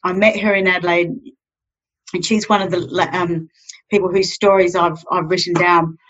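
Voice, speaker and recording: A woman speaks in an expressive, emphatic way as a podcast guest. Her audio is slightly muffled and lo-fi. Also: lowish voice, moderate pace, breathy edge. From Australia. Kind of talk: casual podcast conversation.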